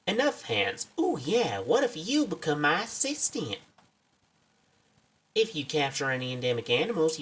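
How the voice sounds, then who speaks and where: This is a perky Southern woman field researcher, put on by a man reading game lines. Her voice is high, sing-song and gushing, with lively ups and downs in the pitch. The voice sits a little far from the microphone.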